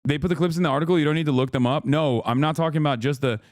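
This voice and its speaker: A man's voice: a little high, rapid-fire, dry recording. Sarcastic male streamer, dry sound. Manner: sarcastic, mock-outraged asides; rambling with frequent restarts. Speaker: political streamer. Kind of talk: live-stream reaction commentary.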